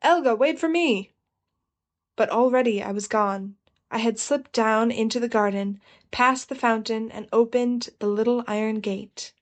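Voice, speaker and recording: A woman narrating a novel as an audiobook, in measured, expressive first-person storytelling. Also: fairly high pitch.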